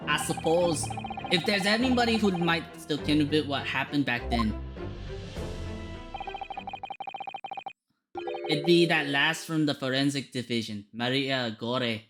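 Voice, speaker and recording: A genial older Scottish prison governor, put on by a streamer reading a game aloud, warm and gossipy with his Scots turns of phrase. The accent is a put-on Scottish one, delivered in a voice of middling pitch. Game music plays clearly underneath. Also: animated, normal speed, lightly acted. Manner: folksy, chuckling, heavy Scots words like laddie, ken, wee bairn.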